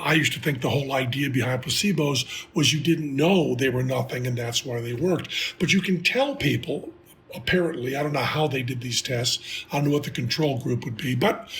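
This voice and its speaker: Gravelly man musing over a question. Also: mid-range voice, fairly bright tone, a little hiss or hum. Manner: musing, conversational. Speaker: guest questioner. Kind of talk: recorded question to hosts.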